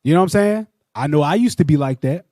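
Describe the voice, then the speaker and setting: A man leading a religious teaching discussion. He talks in an animated, repetitive way and often asks "you know what I'm saying.". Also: a little high, fast, no room sound, clean studio sound. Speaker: Bible class teacher.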